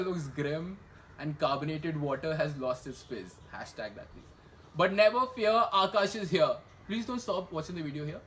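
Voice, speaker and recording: A man's voice: on the high side, fairly bright tone, a little hiss or hum, rough recording. A young man hosting a satirical news show, full of sarcastic asides and rhetorical questions. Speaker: comedy news show host.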